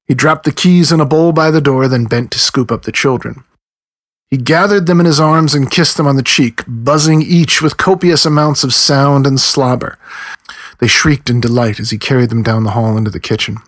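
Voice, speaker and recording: A man narrating an audiobook chapter in measured storytelling, now and then voicing the characters' lines. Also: mid-range voice, fairly bright tone, dry recording. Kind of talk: scripted narration.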